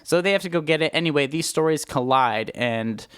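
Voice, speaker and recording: A young man with a slightly high voice talks movies in a chatty, opinionated way and laughs easily. The sound is close and dry, with almost no room around him. He calls himself a film snob and sounds like one. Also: brisk, fairly bright tone, clean tone, dry recording. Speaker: podcast co-host. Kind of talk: casual movie chat.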